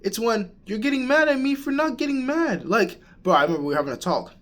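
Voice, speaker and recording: A man's voice: extremely high pitch, lively intonation, quick pace, a bit bright. A young man in college talking casually to camera, rambling with restarts and calling the listener "bro.". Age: young adult. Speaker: college student. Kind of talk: casual vlog rant.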